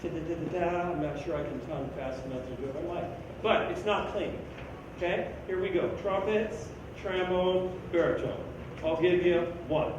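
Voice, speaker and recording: A man's voice: a little high, fairly even intonation, normal speed, muffled recording. A man leading a school band rehearsal, singing rhythms on syllables and counting the players in. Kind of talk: rehearsal instruction. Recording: echoey room, mic far off, background noise.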